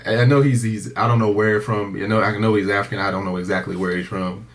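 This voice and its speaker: A middle-aged man co-hosting a podcast, telling stories in a rambling, halting way with many fillers. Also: on the low side, fairly even intonation. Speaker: podcast co-host. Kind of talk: casual chat.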